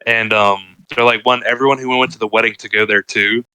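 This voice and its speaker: A man's voice: fairly low pitch, fairly even intonation, a little fast, sharp tone, clear, resonant tone, no echo, poor audio. A young man telling a story in casual podcast chat, laid-back and rambling with lots of filler words. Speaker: podcast co-host.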